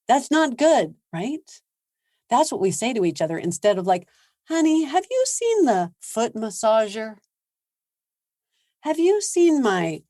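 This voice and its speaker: A woman parenting coach giving a seminar talk, animated and laughing often as she acts out quoted lines. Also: mid-range voice, no echo, clean studio sound.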